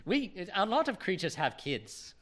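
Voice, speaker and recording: A man's voice: sits high, wildly swooping pitch, a little slow, a bit bright, full character voice. A man doing Hagrid, a blabbing giant. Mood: gruff. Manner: gruff, oversharing, scolding. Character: bumbling blabbermouth half-giant groundskeeper, male, huge.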